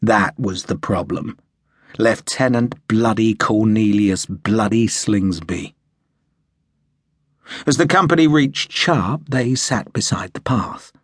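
Husky, low-voiced male narrator. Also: slow, no echo, studio quality. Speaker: audiobook narrator. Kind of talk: scripted narration.

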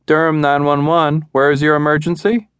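A man voicing a calm female emergency dispatcher asking steady questions. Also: fairly high pitch, moderate pace, clean tone, dry recording, voice pushed up, close to an everyday voice.

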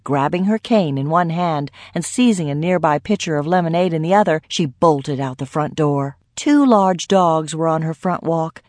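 A woman reading a mystery audiobook aloud with lively storytelling, on a close studio mic. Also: low voice, no echo. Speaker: audiobook narrator. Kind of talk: scripted narration.

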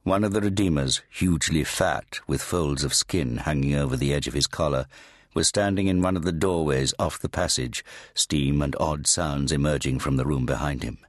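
Casting: male audiobook narrator, very low voice, measured, dry studio read. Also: no echo. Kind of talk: scripted narration.

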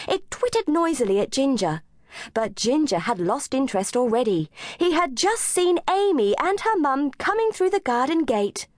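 A woman narrating a children's storybook with a lively, expressive reading on a close mic. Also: a little high, no room sound. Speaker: audiobook narrator.

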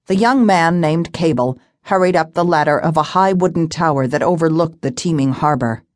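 A woman narrating a fantasy novel audiobook in a steady, measured storytelling voice. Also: deep voice, no room sound, studio quality. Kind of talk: scripted narration.

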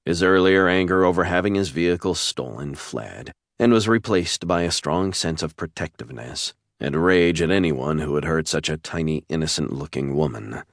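A man narrating a romance audiobook in a measured, steady storytelling voice, recorded close to a studio mic. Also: a bass voice, dry recording.

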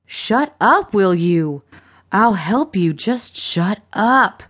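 A cold, vicious woman who swears freely and taunts her victim with contempt, as a woman narrator puts her on. She speaks slowly, dragging out her words with a raised, hard edge. An audiobook thriller performance. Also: mid-range voice, animated. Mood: menacing. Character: ruthless foul-mouthed woman, cold and vicious.

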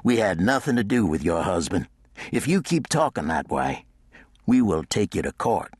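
A man playing a hulking local thug who bullies and threatens. His voice is husky and recorded dry and close. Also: low voice, big pitch swings, moderate pace, darkish tone, no echo, heavily acted. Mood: menacing. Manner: threatening, bullying. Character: big menacing brawler man, local watchman.

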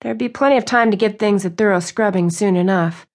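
A woman reading a romance novel aloud as an audiobook narrator. Her storytelling is smooth and even. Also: medium pitch, brisk. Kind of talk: scripted narration.

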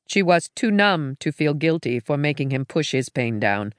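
A woman narrating a science fiction audiobook in a measured, even storytelling manner. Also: low-pitched, dry recording, studio quality.

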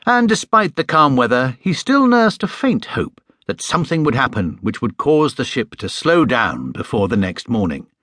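A man narrating a children's storybook with an expressive, gently humorous delivery. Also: medium pitch, no echo, clean studio sound. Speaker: audiobook narrator. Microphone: studio microphone.

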